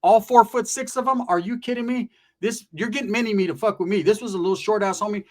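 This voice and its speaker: A man's voice: high voice, quick pace. A middle-aged man casually telling a profane, streetwise story from his past, often tagging his lines with "right?".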